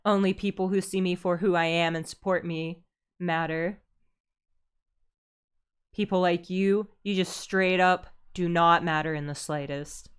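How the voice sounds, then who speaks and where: Woman reading a defiant young hero from a video game, measured and unhurried. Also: fairly low pitch, steady tone, clear, resonant tone, close to an everyday voice. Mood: resolute.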